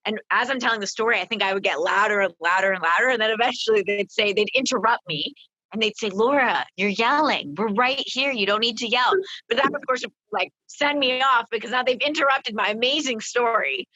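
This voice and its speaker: A woman co-hosting a podcast, loud and excitable, laughing often. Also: a little high, fast, no room sound, highs cut off. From Canada. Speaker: podcast co-host. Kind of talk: casual podcast chat. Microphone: office microphone, dry close sound.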